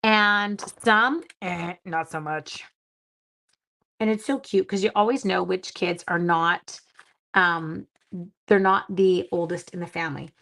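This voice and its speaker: This craft demonstrator speaks in a lowish, slightly bright voice with vocal fry and an unhurried pace. She's a middle-aged woman running a relaxed home livestream, calling out viewers by name and laughing at her own slip-ups.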